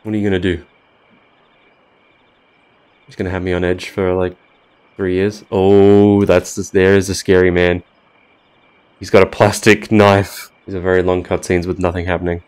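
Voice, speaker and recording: Guy with a lowish voice doing let's play commentary, sarcastic, confused, laughs a lot. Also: little pitch movement, moderate pace, long pauses, darkish tone. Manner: sarcastic, baffled, laughing often. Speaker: gaming YouTuber.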